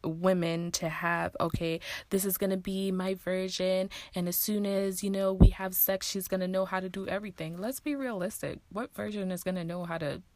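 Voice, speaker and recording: A woman from Jamaica, co-hosting a podcast, tells stories in a relaxed, casual way. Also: medium pitch, moderate pace, few pauses, no echo. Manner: relaxed storyteller, speaks standard English. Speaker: podcast co-host, sister. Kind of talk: casual chat.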